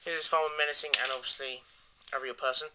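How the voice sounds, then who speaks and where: A man giving a rambling, enthusiastic casual toy review that often trails off into quiet mumbles. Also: a little high, fairly even intonation, quick pace, noisy background.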